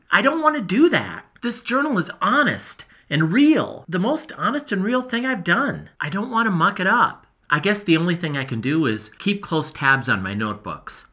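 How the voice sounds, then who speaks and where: A man voicing an earnest boy explorer who tells his journal everything, in a lively, emotional, confiding first-person delivery. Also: a little high, full character voice. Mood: fretful. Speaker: narrator. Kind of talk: first-person audio storytelling.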